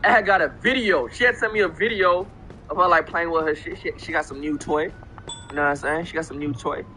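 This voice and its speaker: A young man from Florida telling a long story on a casual stream, with lots of swearing and loud re-enacted quotes. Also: on the high side, brisk, soft background music, rough recording. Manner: profane, animated, repeats himself, acts out quotes.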